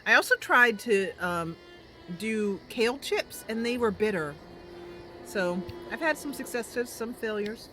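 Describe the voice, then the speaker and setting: A woman with a fairly high, bright voice speaks unhurriedly, expressively and with a forceful tone. Streaming a role-play game with game music behind her, she chats casually with viewers, giggling and using many fillers.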